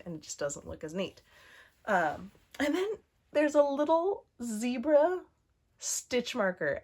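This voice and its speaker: Female knitting podcast host, 30s, bubbly and conversational. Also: mid-range voice. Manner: chatty and bubbly, many fillers and asides. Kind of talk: casual show-and-tell chat.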